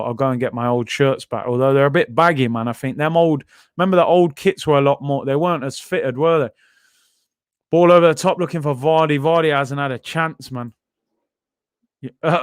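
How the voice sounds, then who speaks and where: A man's voice: medium pitch, clear, resonant tone, dry recording, clean studio sound. A man hosting a football watchalong stream, chatting casually, using slang and reading out viewer comments.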